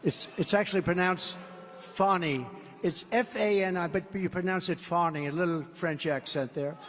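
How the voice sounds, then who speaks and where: A man's voice: high voice, fairly even intonation, brisk. Older man giving a combative rally speech. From United States. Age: 70s. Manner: combative, repetitive, boastful. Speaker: political candidate. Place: large indoor rally venue. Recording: long arena reverb.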